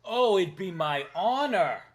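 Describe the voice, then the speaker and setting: A man's voice: high-pitched, expressive, slow. Massachusetts guy streaming, laughs a lot, bouncy voice, reads donos. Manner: playful, laughs often, reads out donations. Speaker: streamer host. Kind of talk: casual live-stream chat.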